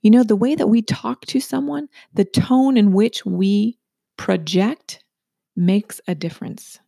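A woman's voice: mid-range voice, unhurried, gravelly, mellow, no echo, studio quality. A middle-aged woman telling a personal story in a chatty monologue to listeners, often checking in with "right?".

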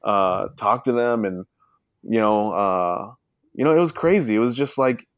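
A man's voice: lowish voice, unhurried, dry recording. A man being interviewed as a guest, telling a personal story in a rambling, casual way. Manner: rambling, full of "you know" fillers.

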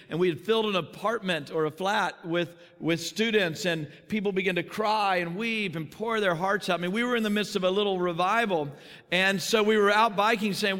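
A middle-aged man preaching, telling his own story in earnest, now quick, now slowing down for weight. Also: high voice, a bit bright, big-room sound. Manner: earnest personal testimony, quick then slowing for emphasis. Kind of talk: sermon storytelling. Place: large conference hall.

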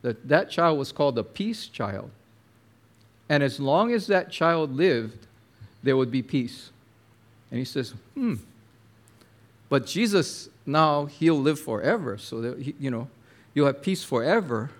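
A man preaching a sermon, telling a story with lively acted-out quotes and talking to the listener directly. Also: medium pitch, a little slow, pauses often. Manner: animated storyteller, acts out quotes, addresses listener as my friend.

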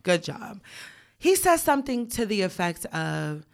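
A woman's voice: medium pitch, sing-song, a little slow, creaky. A young woman co-hosting a podcast, telling a story bluntly and candidly, often laughing. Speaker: podcast co-host. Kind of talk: casual podcast chat.

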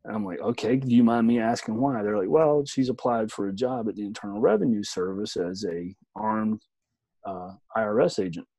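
A man's voice: on the low side, fairly quick, warm tone, dry recording, low-quality recording. A middle-aged man telling a story in casual chat as a podcast co-host, laid-back, swearing, often saying "man".

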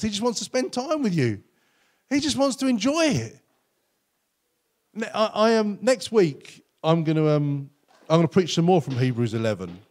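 A man preaching a sermon as pastor, earnest and conversational, often acting out quotes in lively voices. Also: fairly high pitch.

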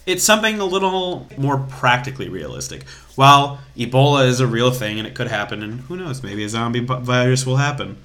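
A man's voice: medium pitch, expressive, fairly quick, few pauses, fairly bright tone. A young man co-hosting a casual podcast in an ordinary, mid-range voice. He talks in a chatty way and explains at length, with small restarts along the way. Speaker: podcast co-host.

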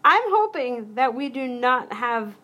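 A chatty woman hosting a solo podcast, her voice a bit higher than most. She rambles from thought to thought and breaks off her own sentences with quick asides. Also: big pitch swings, sharp tone, slight background noise. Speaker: podcast host. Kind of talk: casual solo podcast talk.

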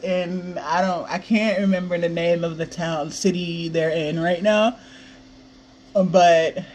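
A woman's voice: mid-range voice, darkish tone, a little hiss or hum. Hyped young woman ranting on a podcast. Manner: hyped, swearing a lot, sighing and laughing. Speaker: podcast host. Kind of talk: excited solo podcast rant.

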